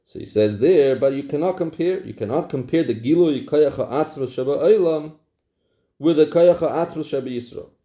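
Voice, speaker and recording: A man's voice: fairly high pitch, normal speed, mellow. A man teaching a Torah text lesson. He reads Hebrew passages aloud, then explains them in English mixed with Hebrew and Yiddish terms, repeating key phrases for emphasis. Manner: repeats phrases for emphasis, with sing-song study cadence. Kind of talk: Talmudic-style text lesson.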